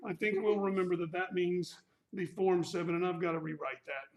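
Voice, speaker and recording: Steady in tone and brisk, a man with a high voice leads a live martial arts workout class as its instructor. He calls out rep counts and cracks corny, playful puns, his voice echoing around the studio.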